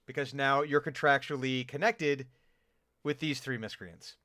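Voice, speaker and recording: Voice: mid-range voice, steady tone, unhurried, fairly bright tone, no room sound, studio quality. A game master narrating a tabletop role-playing game in a playful, laugh-filled way.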